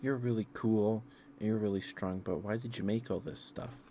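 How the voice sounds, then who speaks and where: Blunt, exasperated prophet, voiced by a man lifting his deep voice. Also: fairly even intonation, normal speed, slight background noise, lightly acted. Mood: earnest, asking. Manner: blunt, exasperated, louder than his narration. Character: prophet Moses, blunt and a bit whiny.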